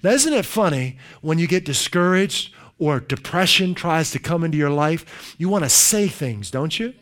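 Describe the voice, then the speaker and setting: A man preaching with a notably high voice. He is emphatic and repetitive, and he leads the congregation through spoken declarations in call-and-response. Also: lively intonation, normal speed, fairly bright tone. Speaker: pastor. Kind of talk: sermon.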